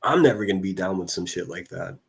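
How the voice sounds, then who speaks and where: A man hosts a casual livestream and talks through the chat in a slightly low voice. He rambles, restarts his sentences and reads the messages aloud. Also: quick pace, creaky, husky. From northern US city. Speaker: livestream host.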